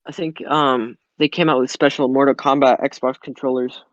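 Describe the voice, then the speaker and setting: A man's voice: medium pitch, steady tone, moderate pace, dry recording. A man co-hosting a casual gaming podcast, laid-back, mostly giving short replies. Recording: dull lo-fi mic.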